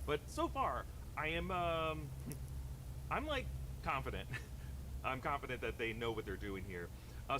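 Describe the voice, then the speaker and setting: A man's voice: lowish voice, background noise. Chatty male trailer-breakdown commentator. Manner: conversational, filler-heavy. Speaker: film news commentator.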